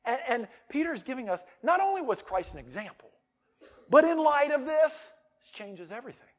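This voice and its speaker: A middle-aged male pastor preaching a sermon. He swings between loud, emphatic declarations and quiet asides. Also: very high-pitched, very animated, brisk.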